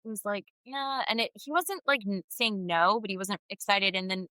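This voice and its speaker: A woman's voice: medium pitch, moderate pace, sharp tone, clean tone, no room sound, rough recording. A woman podcast co-host, casually telling a personal story and acting out quoted dialogue. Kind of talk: casual chat.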